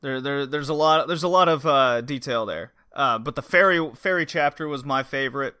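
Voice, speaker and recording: A man's voice: mid-range voice, moderate pace, sharp tone, smooth, no echo, clean studio sound. A man co-hosting a podcast, chatting casually and animatedly, laughing and acting out quotes. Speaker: podcast co-host.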